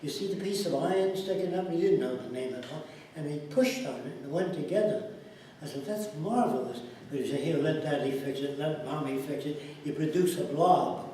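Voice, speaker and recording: Speaking briskly in a slightly high, dark voice, an interviewed man uses stories to explain his thinking and acts out the lines of the people in them. A little hiss or hum, faint ambience and room echo come through the distant mic.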